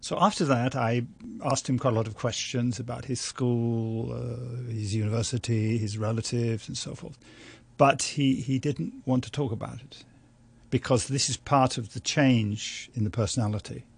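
An older man, a journalist and writer from London, telling a family story in an interview at a measured, reflective pace. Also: mid-range voice, steady tone, gravelly, slightly rough. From London, England. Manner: measured, anecdotal, with small restarts and light laughs.

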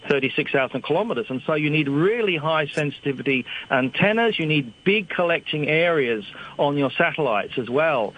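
A man's voice: a little high, animated, a little fast, lo-fi sound. An older man, a guest expert on a radio show, explaining at length over an old phone, digressive and self-deprecating. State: slightly hard of hearing.

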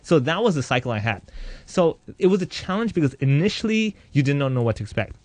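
A man in his thirties, an interviewee, telling his own life story in a candid, animated way with a joking streak. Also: fairly high pitch, fast talker, no room sound. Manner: animated, joking, acts out voices in quotes.

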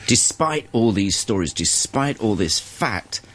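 Male host with a very low, expressive voice, probing questions. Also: slow pace. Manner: brief interjections, probing. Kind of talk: discussion.

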